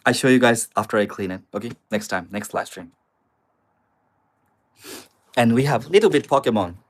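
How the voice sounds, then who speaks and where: This young man from China is live-streaming from a compact studio with a river view, casually talking with his audience. He speaks in a mid-range, expressive voice at a moderate pace, keeping things chatty, addressing everyone as "guys" and responding to chat comments.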